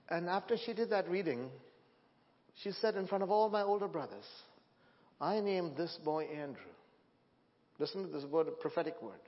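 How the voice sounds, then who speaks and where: A man's voice: a little high, lively intonation, normal speed, pauses often. Man preaching in an echoing church. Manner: emotional storytelling, rising to loud proclamations. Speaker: guest preacher. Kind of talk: sermon. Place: church sanctuary. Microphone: handheld or stand microphone. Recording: dull sound with long hall reverb.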